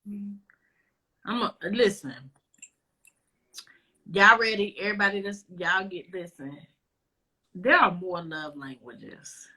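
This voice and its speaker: A woman's voice: mid-range voice, slow, pauses often, pushed and bright, breathy edge. A woman hosting a casual interview, playful and direct with her guest. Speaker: interview host. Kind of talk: casual conversation.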